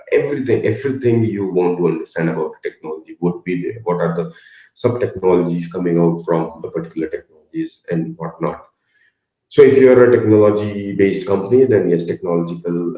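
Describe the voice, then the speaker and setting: A man's voice: sits low, mellow. A man lecturing on intellectual property, explaining methodically with frequent fillers and self-corrections. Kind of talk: explanatory talk. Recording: dull, roomy sound.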